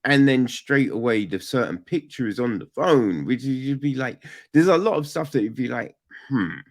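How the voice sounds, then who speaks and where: A man casually reviewing a film on a podcast, rambling and profane, with sudden loud outbursts. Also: mid-range voice, animated, normal speed.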